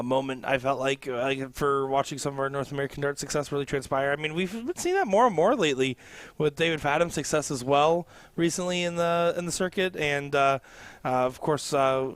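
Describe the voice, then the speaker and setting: A man's voice: mid-range voice, clear, resonant tone, no echo. A male color commentator in a commentary booth at a live darts match, chatty and jokey, rambling with lots of fillers.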